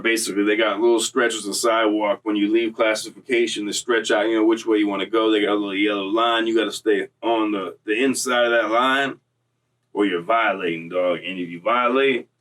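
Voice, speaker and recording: A young man casually recounting a story in street slang, animated and full of acted-out quotes, from Florida. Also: lowish voice, distant mic. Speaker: storyteller recounting prison time.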